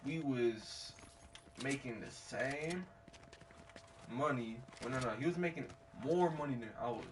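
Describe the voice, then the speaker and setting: A man's voice: mid-range voice, a little hiss or hum. A man streaming a game while telling a story in a casual way. He rambles, swears a lot and fills his talk with slang. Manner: rambling, slangy and profane, with many fillers. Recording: distant mic with clear background ambience.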